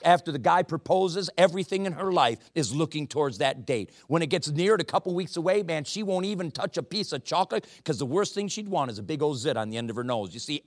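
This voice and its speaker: Male preacher, sermon, storytelling, emphatic, higher voice, dry close sound. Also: no room sound. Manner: storytelling, emphatic, rising to impassioned appeals.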